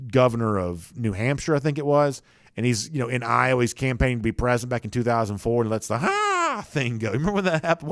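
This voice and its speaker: A man's voice: medium pitch, fairly bright tone, no room sound, clean studio sound. Opinionated Southern American man talking sports. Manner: chatty, opinionated, with frequent restarts. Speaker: sports talk show host. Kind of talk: live sports talk commentary.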